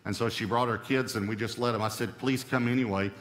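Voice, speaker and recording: A man's voice: on the low side, steady tone, fast, a bit bright, long reverb tail. A male pastor preaching a sermon, stressing key points by repeating them.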